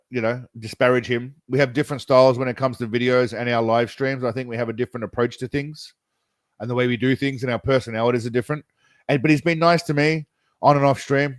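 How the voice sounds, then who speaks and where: A man rambles through live-stream commentary, speaking straight to his chat. His voice sits at an ordinary pitch and sounds dry and close to the mic. He drifts from one thought to the next. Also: dry recording. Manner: rambling, chatty, talks to chat directly. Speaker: streamer reacting to videos.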